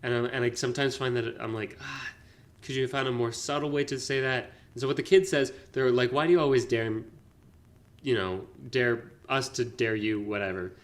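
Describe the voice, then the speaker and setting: A man's voice: mid-range voice, steady tone, brisk. A man co-hosting a casual film review podcast, retelling scenes and acting out the characters' lines. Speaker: podcast co-host.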